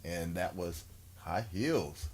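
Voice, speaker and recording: A man's voice: low-pitched, expressive, slow pace, a little mellow. A man hosting a casual internet radio interview, easygoing and enthusiastic, laughing often. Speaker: radio host.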